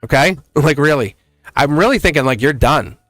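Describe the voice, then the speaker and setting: A man's voice: fairly high pitch, lively intonation, moderate pace, a bit bright, no room sound, soft background music. Chatty, laughing tarot-reading man. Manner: chatty, laughs often, acts out quoted voices. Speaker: tarot reader hosting a live stream. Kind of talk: live tarot reading chat.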